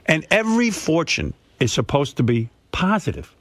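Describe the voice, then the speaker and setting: Dramatic storytelling radio host. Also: male voice, a little high, very animated, normal speed, a bit bright, dry recording. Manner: emphatic, repetitive, dramatic storytelling. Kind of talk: casual talk radio storytelling. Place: radio studio.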